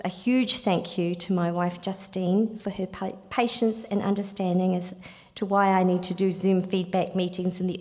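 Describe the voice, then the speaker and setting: A woman with a New Zealand accent reading out an acceptance speech on someone's behalf, in a halting, apologetic way. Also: on the low side, darkish tone, long reverb tail. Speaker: award acceptor.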